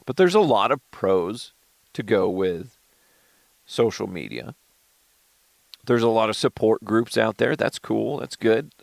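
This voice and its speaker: A man hosting a podcast in casual, profane solo commentary, swinging between loud outbursts and mumbled asides. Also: fairly low pitch, a little slow, gravelly, long pauses, no room sound. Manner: animated, profane, jumps between shouting and mumbling. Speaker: podcast host.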